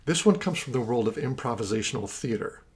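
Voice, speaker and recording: A man's voice: medium pitch, expressive, a little fast. A man instructing a guided exercise, counting out rhythms with energy and explaining the reasons behind each step.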